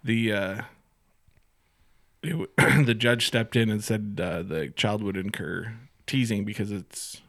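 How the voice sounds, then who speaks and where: A man's voice: lowish voice, takes it slowly, vocal fry, a bit bright, dry recording, clean studio sound. A man hosting a casual chat, reading items off a list, laughing often and swearing casually.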